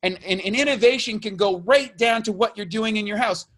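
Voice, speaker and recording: A man's voice: high voice, brisk, a bit bright. A middle-aged man from Canada, a business coach giving a fired-up, urgent motivational rant full of rhetorical questions.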